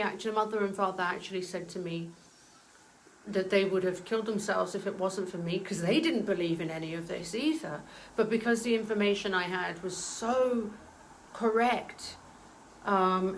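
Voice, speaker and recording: A woman in her forties telling a personal story in an earnest, emotional way, pausing often with fillers. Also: mid-range voice, slight background noise, poor audio.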